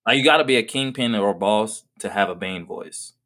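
A man's voice: on the low side, brisk, sharp tone. A young man chatting casually in a laid-back, musing way. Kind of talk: casual chat.

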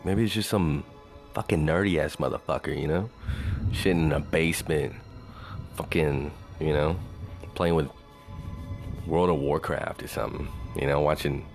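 A man talking in a loose, rambling monologue, swearing freely and saying "you know" over and over. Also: low voice. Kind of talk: casual monologue.

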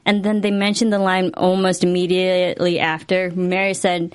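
A woman's voice: lowish voice, little pitch movement, clear, resonant tone. Upbeat young woman co-host. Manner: upbeat, agreeable, quick to chime in. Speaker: after-show co-host. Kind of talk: casual chat.

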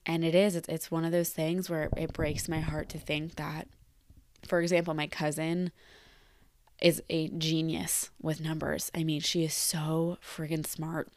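A woman's voice: low voice, flat delivery, a little slow. A woman in her twenties, a teacher, talking candidly and reflectively about her job in a personal vlog, repeating words for emphasis. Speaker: teacher leaving the profession.

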